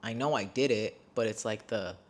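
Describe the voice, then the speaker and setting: Blunt, swearing young man, lowish voice. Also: moderate pace. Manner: emotional, blunt, swears often; repeats and restarts phrases when worked up. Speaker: vlogger. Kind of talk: personal storytelling to camera.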